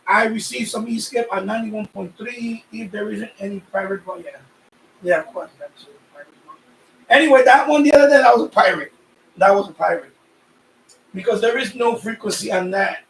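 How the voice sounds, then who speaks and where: A high-pitched, gravelly-edged man from a Puerto Rican family in New York rambles through a casual live stream, circling back and repeating himself. He is sweaty from the heat. He sits a little away from the mic in a roomy, echoey space with faint noise behind him. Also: fairly bright tone. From Puerto Rican family, raised in New York. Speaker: radio hobby live streamer. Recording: echoey room, voice a bit far off.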